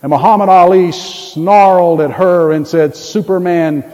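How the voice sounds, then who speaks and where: A man preaching a sermon, animated and storytelling, rising loud on his key points. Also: high-pitched, unhurried, muffled recording. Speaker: pastor. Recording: long hall reverb.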